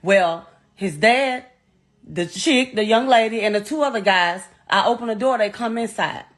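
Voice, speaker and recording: A woman's voice: medium pitch, moderate pace. A middle-aged woman with a Southern US accent, telling a raw, profane and distressed personal account as a grieving mother. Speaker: mother of the deceased, interviewee.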